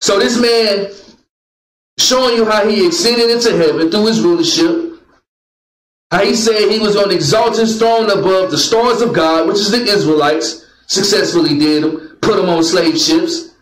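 A man's voice: sits high, normal speed. A man teaching the Bible to a class, calling out verses for a reader and joking with the group. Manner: calls out commands to a reader, jokes with the crowd. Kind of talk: preaching lesson to a class. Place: meeting room with a group. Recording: roomy echo.

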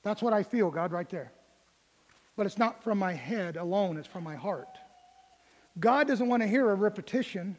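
A man's voice: high voice, lively intonation, moderate pace, pauses often, in a large hall. A middle-aged male pastor preaching a folksy, conversational sermon in a church, with light humor. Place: church sanctuary.

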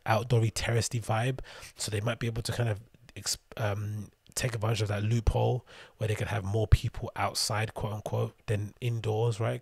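A man's voice: lowish voice, vocal fry, darkish tone, slightly rough, no echo. A young man hosting his own show, rambling casually with sarcastic, swearing asides while reading news aloud. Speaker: podcast host. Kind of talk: casual solo rambling commentary.

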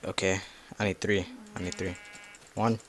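Guy rambling thru a game video, kinda low voice, mutters and cusses at mobs, faint hum behind. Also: level tone, moderate pace. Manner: rambling, talks to himself and cusses at monsters. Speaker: gameplay video creator. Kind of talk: casual gameplay commentary.

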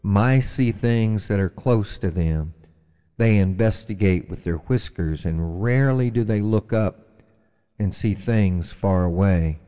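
A man telling a traditional animal story and reflecting on its meaning, in a measured, reflective storytelling manner, with a long hall reverb. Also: fairly low pitch, mellow, clear, resonant tone, dull audio. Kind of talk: storytelling narration.

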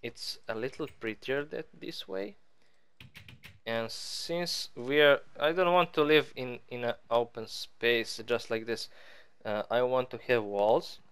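Speaking at a slow pace, this male gaming host has a mid-range voice that's a bit bright and clean. He builds in a game while offering rambling, playful let's-play commentary, cracking self-mocking jokes along the way.

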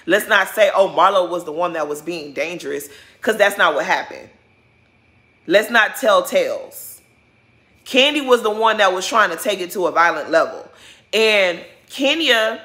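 A woman's voice: mid-range voice, sharp tone. A woman giving blunt, opinionated commentary in a casual reality-TV recap vlog, swearing freely and speaking straight to the people she's discussing. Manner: emphatic and repetitive, addresses cast directly.

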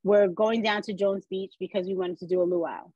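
Husky woman telling her story. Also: medium pitch, normal speed, dry recording, highs cut off. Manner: animated storyteller acting out quoted voices. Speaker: podcast guest. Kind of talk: personal storytelling.

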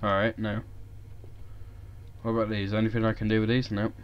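Sweary gaming youtuber. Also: male voice, lowish voice, monotone, a little fast, clean tone, muffled recording. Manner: casual, sweary, jokey. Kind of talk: let's play commentary.

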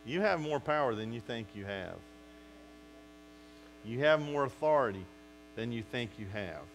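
A man's voice: mid-range voice, normal speed, a little hiss or hum, poor audio. A male pastor preaching a sermon, acting out quotes from his listeners and talking straight to them. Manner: animated preaching with acted-out quotes.

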